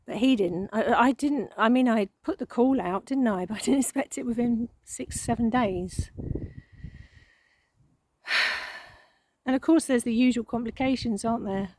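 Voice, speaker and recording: A woman giving an emotional spiritual monologue, halting and repeating words, with frequent sighs. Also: fairly high pitch, darkish tone, slight background noise, poor audio. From England. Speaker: spiritual channel.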